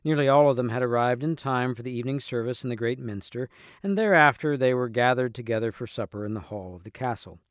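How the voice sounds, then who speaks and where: A man's voice: mid-range voice, fast, dry recording, studio quality. Man reading a storybook aloud. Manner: steady, clear narration with occasional restarts. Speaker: reader.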